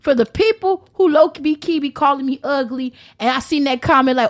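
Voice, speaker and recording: Brash high-voiced woman ranting. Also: moderate pace. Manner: loud, brash, profane ranting with laughter. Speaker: podcast guest. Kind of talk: casual chat.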